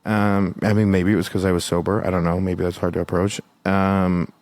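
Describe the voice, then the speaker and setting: A man's voice: low-pitched, little pitch movement, moderate pace, darkish tone, no echo. A young man co-hosting a podcast, telling a rambling casual story, full of "like" and swearing. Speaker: podcast co-host. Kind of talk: casual chat.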